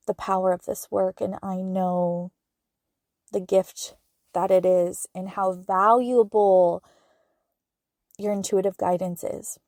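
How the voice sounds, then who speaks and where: A woman's voice: mid-range voice, a little mellow, dry recording, clean studio sound. A woman hosting her own podcast as a spiritual medium, talking in an earnest, heartfelt way with plenty of filler words. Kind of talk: casual solo podcast monologue.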